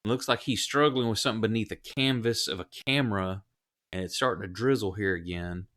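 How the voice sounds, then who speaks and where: A man with a fairly low voice runs a tabletop game as game master. He narrates in a relaxed, halting way, often stopping on fillers.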